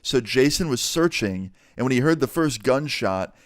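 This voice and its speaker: Young guy telling a wild story, animated, cusses a lot, dead dry mic. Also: mid-range voice, moderate pace, no room sound. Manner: animated, swears freely, acts out quotes. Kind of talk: casual storytime narration.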